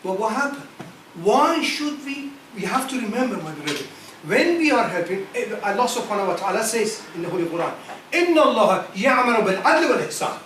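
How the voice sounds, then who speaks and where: At a community centre's meeting hall, a man with a high voice addresses a gathering of Islamic scholars in broken, non-native English, repeating phrases, posing rhetorical questions and slipping into rapid Arabic Quranic verses. His impassioned delivery is sing-song and a bit bright. He sounds far from the microphone, with an echoey hall and slight background noise.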